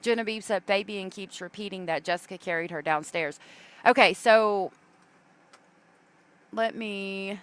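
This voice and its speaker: A woman's voice: medium pitch, a little slow, long pauses, fairly bright tone, smooth. A woman hosting a casual livestream, chatting loosely with many fillers and reading viewer comments aloud. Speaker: true crime livestream host.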